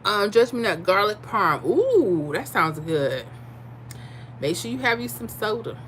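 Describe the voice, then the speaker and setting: A woman's voice: medium pitch, very animated, a little slow, a bit bright, slight background noise. A woman hosting a casual livestream, chatting with viewers and answering their comments in a candid, tired way. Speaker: livestream host reading chat.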